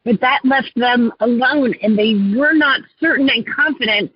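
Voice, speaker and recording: A woman coach with a husky, slightly high voice tells her clients' stories as a guest. She speaks earnestly and from the heart, now and then clearing her throat. The sound is dry, dull and lo-fi. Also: normal speed, dry recording. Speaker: life coach. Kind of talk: guest storytelling in an interview.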